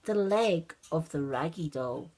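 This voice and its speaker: An older woman reading a children's story aloud with an expressive, animated manner. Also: low-pitched, measured pace, low-quality recording.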